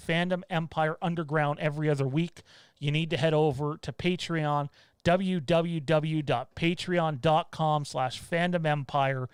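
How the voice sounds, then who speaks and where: A man's voice: fairly high pitch, clean tone, dry recording. A man hosting a casual livestream from home, rambling and blunt, turning heated with swearing. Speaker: show host.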